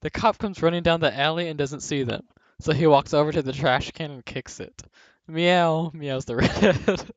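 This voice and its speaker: Speaking at a moderate pace in a slightly high voice, a young man reads jokes for a video and often laughs in the middle of a line. The recording is a dry, dull home setup without room sound.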